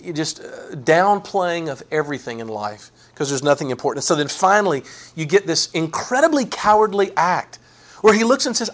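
A man preaching a sermon, animated and folksy, acting out sarcastic quotes. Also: a little high, normal speed. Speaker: pastor.

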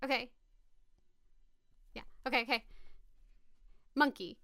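A woman's voice: on the high side, slow, bright, forceful tone, dry recording. A woman hosting a podcast, playing a word game in casual chat, flustered, giggly and rambling. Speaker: podcast host.

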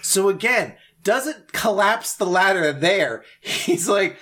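A man's voice: high voice, animated, slow pace, sharp tone. A man co-hosting a podcast in casual chat, telling a story animatedly and acting out other people and sound effects. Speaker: podcast co-host.

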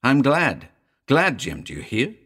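A man's voice: mid-range voice, huge pitch swings, measured pace, a bit bright, slightly rough, voice pushed up, exaggerated voice. A man voicing a grim, dying man with bitter, sardonic gallows humor. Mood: giddy, grim. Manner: sardonic, mirthless.

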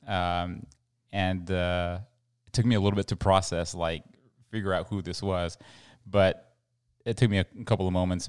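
A middle-aged man from El Paso, Texas, co-hosts a podcast, rambling casually and using lots of fillers. His voice is deep with a clean tone.

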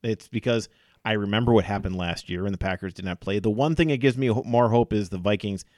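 A man hosts a casual sports podcast, his voice sitting slightly low. He talks in a loose, jokey way, full of fillers and restarts. The close podcast mic gives a dry sound with no room. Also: fast talker, a little mellow, dry recording. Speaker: podcast host.

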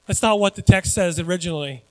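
Man, pastor, high voice, animated conversational sermon, dry close sound. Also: fast, no room sound, rough recording. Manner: animated, conversational preaching with asides to the congregation.

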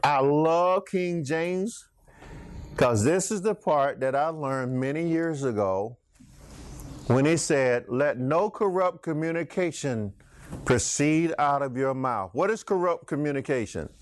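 A man's voice: on the high side, animated, unhurried. A middle-aged man preaching an interactive Bible study, telling stories and chatting back and forth with his congregation.

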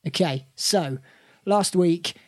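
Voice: mid-range voice, takes it slowly. A podcast host running a quiz game among friends, playful and laughing often.

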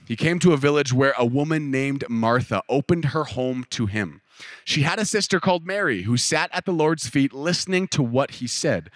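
A man's voice: on the high side, a bit bright, dry recording. A male pastor giving a casual, conversational sermon, often acting out what people in the story might say. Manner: casual, conversational preaching with filler "like" and acted-out quotes.

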